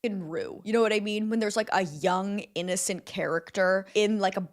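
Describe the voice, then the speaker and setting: A woman's voice: medium pitch, fairly quick. Chatty, sarcastic young woman. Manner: chatty, sarcastic, swears, laughs often. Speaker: streamer recapping a film. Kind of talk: casual chat.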